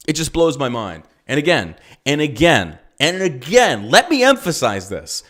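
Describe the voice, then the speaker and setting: A man's voice: fairly high pitch, sing-song, normal speed, hardly any pauses. A male podcast host and business owner ranting about politics, swearing freely and firing off rhetorical questions. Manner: profane, heated, rhetorical questions. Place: lives in Texas.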